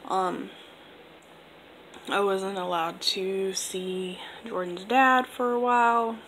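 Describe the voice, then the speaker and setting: A woman's voice: medium pitch, fairly even intonation, slow pace, a bit bright, slight background noise, poor audio. A young woman in her twenties casually telling a personal story to camera, rambling with lots of fillers. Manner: rambling, filler-heavy, laid-back. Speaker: vlogger.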